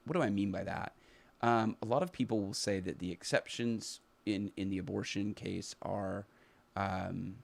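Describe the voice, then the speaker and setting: A man hosting a live stream, talking through his views in an earnest, halting way, with many fillers and restarts as he thinks aloud. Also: on the low side, vocal fry. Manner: earnest, reflective. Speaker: teacher. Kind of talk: unscripted live stream commentary.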